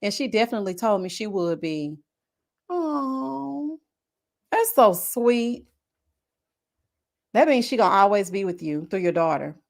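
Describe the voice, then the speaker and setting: Talking fast with few pauses in a medium-pitched voice, a reality-show reviewer banters with her live audience. She's expressive and slangy, addressing viewers as girl and honey.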